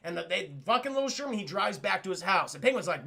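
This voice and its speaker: A man's voice: sits high, big pitch swings, quick pace, vocal fry, bright, forceful tone. A man streaming a cartoon review, rambling and swearing casually while talking to his chat. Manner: profane, rambling, keeps addressing the chat. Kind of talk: casual live-stream commentary.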